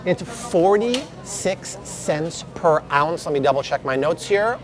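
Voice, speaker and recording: A man's voice: fairly high pitch, animated, a little slow, few pauses. A man vlogging his way through supermarket aisles, emphatically comparing prices in an upbeat tone. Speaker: grocery vlogger. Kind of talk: store walkthrough vlog.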